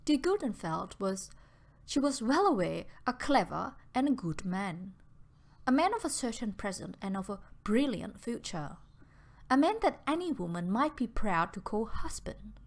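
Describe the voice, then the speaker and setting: A woman reading a novel aloud as an audiobook narrator, soft and unhurried, often near a whisper. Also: mid-range voice, sing-song.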